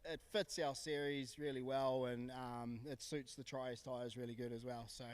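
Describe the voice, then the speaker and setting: Kiwi driver, easygoing, lots of ums, clean smooth voice. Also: male voice, mid-range voice, normal speed. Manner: relaxed, hesitant with fillers. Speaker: drift driver. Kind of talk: casual interview. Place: outdoors at a racetrack.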